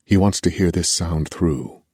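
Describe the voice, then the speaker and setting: A male audiobook narrator with an extremely deep, husky voice, reading in a measured, steady way. The recording is close and completely dry. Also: no room sound. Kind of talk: scripted narration.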